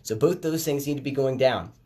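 Casual male podcaster, mid-pitched, chatty monologue that turns animated on key points. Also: brisk. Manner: conversational, animated when making a point. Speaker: podcast host. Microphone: headphones with phone recording.

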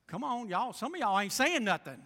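A male preacher delivers a folksy sermon in a very high, bright voice. His words ring out with a long church-hall reverb behind them. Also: sing-song, a little fast. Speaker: pastor.

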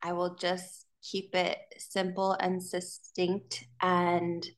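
A woman singer guesting on a podcast, telling stories in an animated, giggly way and acting out the quotes of other people. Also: on the low side, slow, rough recording. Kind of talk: casual storytelling chat.

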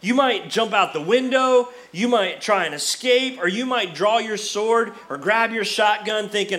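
A man preaching a sermon as pastor, retelling a story with lively acted-out dialogue. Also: high-pitched, measured pace, few pauses. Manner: animated storyteller, acts out quoted characters.

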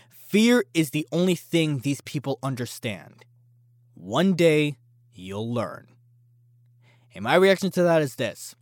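A man's voice: mid-range voice, no room sound. A man hosting a casual opinion podcast, talking in a brash, boastful and challenging way. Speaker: podcast host.

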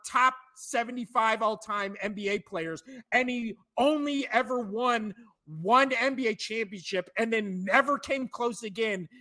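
A man's voice: extremely high pitch, bright, forceful tone. A man in his thirties or forties, co-hosting a sports podcast, ranting with profane, exasperated outbursts. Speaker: podcast co-host. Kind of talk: sports rant.

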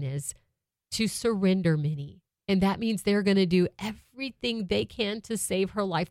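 A woman's voice: lowish voice, dry recording. A woman in her thirties telling a heartfelt personal story about her family in a conversational way, close to a microphone. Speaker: mother sharing a family story.

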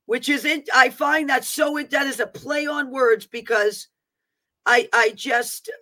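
A woman's voice: high-pitched, unhurried, sharp tone. A woman reading a prophetic word aloud with fervent proclaiming, breaking off for plain asides about how the written text looks. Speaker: prophetic minister.

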